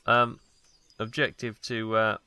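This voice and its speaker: A man's voice: fairly low pitch, flat delivery, takes it slowly, sharp tone, clean tone, no room sound. A British man from Wales giving casual, rambling commentary on a game he plays, full of ums and asides, on a close mic at home. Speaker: let's play host.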